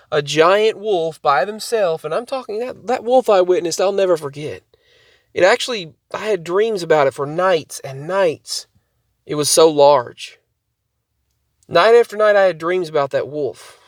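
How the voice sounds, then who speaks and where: A man's voice: high-pitched, moderate pace, no echo, studio quality. A man telling a rambling story to camera for his channel, often repeating and restarting his sentences. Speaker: vlogger.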